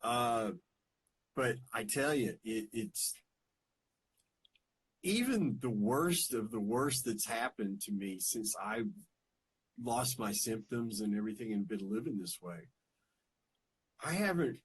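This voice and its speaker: A man's voice: lowish voice, expressive, slow pace, pauses often. Earnest male podcast co-host, faint hiss. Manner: earnest, emphatic, teasing. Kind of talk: casual chat.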